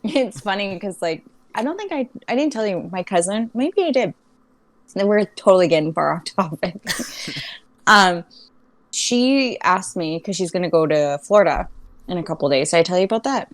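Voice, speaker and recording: A woman's voice: medium pitch, animated, normal speed, no room sound. A young Canadian woman co-hosting a podcast, chatting casually and rambling with lots of fillers and laughs. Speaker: podcast co-host. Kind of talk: casual chat.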